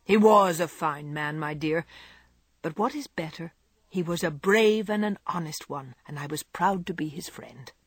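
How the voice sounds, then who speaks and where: A reader voicing a gruff, abrupt older gentleman who is kind underneath, in a storybook reading. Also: mid-range voice, unhurried, no room sound, clean studio sound.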